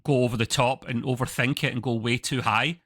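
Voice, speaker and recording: A man's voice: medium pitch, fairly even intonation, fairly quick, fairly bright tone, no echo. A man with a Scottish accent, co-hosting a casual review chat over a video call, rambling and correcting himself as he goes. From Scotland. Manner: rambling, self-correcting, chuckling asides. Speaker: co-host of a TV review show.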